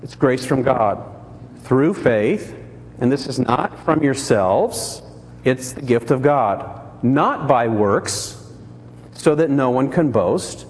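A man preaching a sermon as pastor, telling the story with lively, acted-out voices for the people in it. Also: medium pitch, slow, big-room sound. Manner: animated storytelling, acts out characters.

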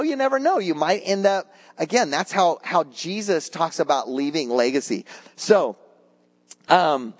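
Older male pastor, animated storyteller, bright lively voice that swings widely, chatty with the congregation. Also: high voice. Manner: conversational, addresses congregation as guys. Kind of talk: sermon.

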